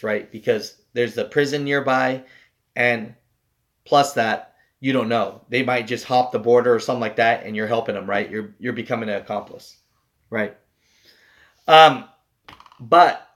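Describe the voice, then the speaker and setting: A man's voice: mid-range voice, a bit bright. A young man, a truck driver, telling a story to his viewers in a loose, rambling way. He swears freely and fills his talk with "like" and "you know.". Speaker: truck driver and channel host.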